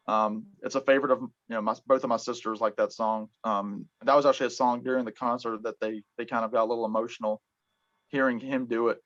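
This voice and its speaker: A man hosting a casual music chat, talking in halting bursts full of ums and restarts. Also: mid-range voice, a bit bright. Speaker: podcast host. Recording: dull lo-fi sound.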